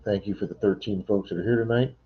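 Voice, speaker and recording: Talking at a quick pace in a fairly low voice, a middle-aged man rambles through a casual home livestream and answers his viewers' chat messages. The audio is dull.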